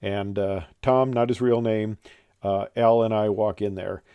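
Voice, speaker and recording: A man's voice: lowish voice, steady tone, measured pace, smooth, no room sound, highs cut off. An older man, a retired airline pilot, telling stories in a rambling, casual way with many fillers and restarts. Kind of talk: casual storytelling monologue.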